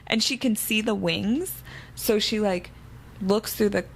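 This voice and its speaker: A woman's voice: medium pitch, measured pace, vocal fry, slightly rough, rough recording. A woman co-hosting a casual book podcast, recapping the plot eagerly. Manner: chatty, recapping the plot with enthusiasm. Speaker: podcast co-host.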